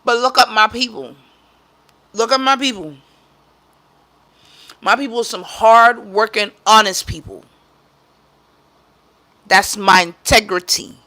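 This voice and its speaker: A woman's voice: on the high side, bright, forceful tone. A woman from Trinidad with a Trinidadian accent, a caregiver talking bluntly and profanely on a casual livestream, repeating her points for emphasis.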